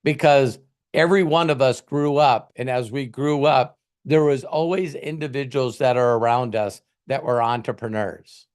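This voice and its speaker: Guy rambling through a motivational chat, acts out little scenes, ordinary pitch. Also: normal speed. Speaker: host, motivational coach. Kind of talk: casual motivational talk.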